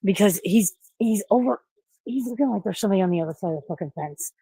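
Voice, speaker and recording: Outdoors in a backyard at night, a frightened, out-of-breath woman streams casual livestream chat, swearing as she goes. Her mid-range voice is mellow and husky with lively intonation, she talks fast, and there is no echo.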